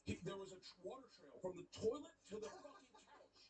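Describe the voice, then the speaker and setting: Sex: man. Style: animated comic storyteller. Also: high-pitched, a little fast, husky, recorded from a distance. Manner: acts out dialogue, swears freely.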